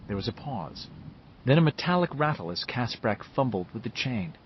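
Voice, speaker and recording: A man reading a novel aloud as scripted narration, telling the story in a measured, lively way. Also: medium pitch, dull audio, slight background noise. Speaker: audiobook narrator.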